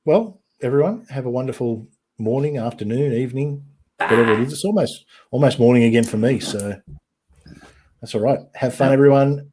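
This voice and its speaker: A man's voice: mid-range voice, darkish tone, slightly rough. Rambling man hosting a chat. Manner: rambling, halting with ums and restarts. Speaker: podcast host. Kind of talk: casual chat.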